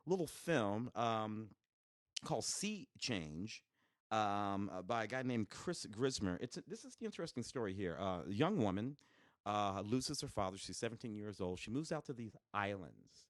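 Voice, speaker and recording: Guy on a podcast, super animated, pitch all over, dry close sound. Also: normal speed, no echo. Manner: animated, restarts and fillers, enthusiastic. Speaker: podcast co-host reviewing home video releases. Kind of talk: casual chat.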